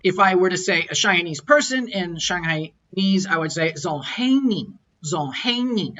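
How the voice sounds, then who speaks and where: A man's voice: high-pitched, sharp tone, muffled recording. Man explaining tones in a lecture. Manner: explanatory, repeats words while thinking, models tones aloud. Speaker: language teacher. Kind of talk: recorded lecture.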